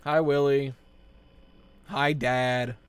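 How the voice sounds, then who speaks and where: A young man live-streaming a horror game, chatting with viewers and telling groaner puns in an excitable, joking way. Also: mid-range voice, clear, resonant tone. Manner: excitable, quick yelps of frustration. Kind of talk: live-stream gameplay chat.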